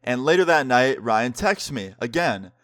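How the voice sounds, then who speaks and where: A young man tells a story to his viewers in a relaxed, slangy way, leaning on "like" and "dude" as he voices both sides of each exchange. His voice sits in an ordinary middle pitch. The recording is dry and close, with no room sound. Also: a little slow, dry recording. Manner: casual, slangy, heavy use of "like" and "dude"; acts out both sides of conversations. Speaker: vlogger. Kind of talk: storytime narration.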